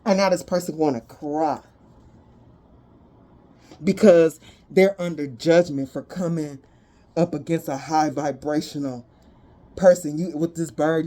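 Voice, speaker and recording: A tarot reader gives a casual spoken reading in a low, warm voice. She talks bluntly and animatedly, swearing frequently.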